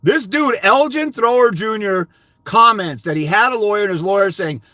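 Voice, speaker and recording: A man's voice: high voice, moderate pace, sharp tone, dry recording. An older man, a fathers' rights consultant, delivering a blunt, profane monologue that berates his viewers.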